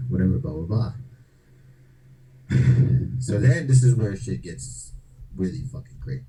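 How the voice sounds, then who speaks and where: A man's voice: low voice, measured pace, pauses often, warm tone, poor audio. A man co-hosting a podcast, telling a story in a loose, slangy, profane way. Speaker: podcast co-host. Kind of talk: casual storytelling.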